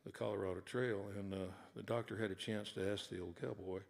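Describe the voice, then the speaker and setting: A man's voice: fairly low pitch, steady tone, a little fast, creaky. A man, an author and singer-songwriter, telling folksy, rambling stories between songs at a live concert hall. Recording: long hall reverb with guitar.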